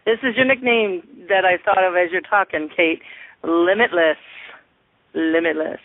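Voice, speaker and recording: An older man with grandchildren, chatting eagerly and warmly as a guest on a call-in radio show. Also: high-pitched, a little fast. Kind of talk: casual call-in radio chat. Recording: tinny phone-like online call audio.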